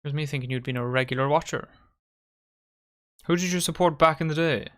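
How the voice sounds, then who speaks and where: A man's voice: fairly high pitch, fairly quick, a bit bright. A man hosting a live football watchalong, giving casual play-by-play and bantering with his friends and viewers. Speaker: watchalong host. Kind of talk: casual live match commentary.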